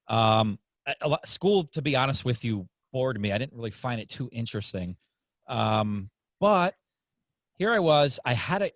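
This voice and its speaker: A man hosting a podcast interview, telling a story in a casual, animated way and acting out the people in it. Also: mid-range voice, no echo. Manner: animated, acts out voices in anecdotes. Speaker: podcast host.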